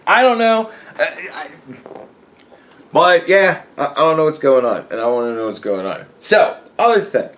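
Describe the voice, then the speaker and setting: A man's voice: on the high side, big pitch swings, moderate pace, fairly bright tone. A man talking casually on his own podcast, rambling and swearing, with frequent stammering restarts and acted-out imagined dialogue. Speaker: podcast host. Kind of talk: casual solo commentary.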